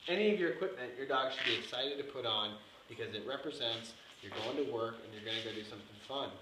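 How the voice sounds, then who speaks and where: A man's voice: mid-range voice, quick pace. A man teaching dog training in a live demonstration, talking emphatically and repeating his points. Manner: repetitive, emphatic, marking with "yes". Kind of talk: instructional demonstration. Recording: echoey room with faint background noise.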